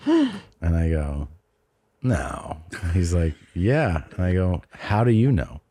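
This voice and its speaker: A man's voice: low voice, huge pitch swings, slow, mellow, slightly rough, dry recording. A middle-aged man hosting a podcast, telling a long rambling anecdote in casual chat, often restarting and adding asides. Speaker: podcast host.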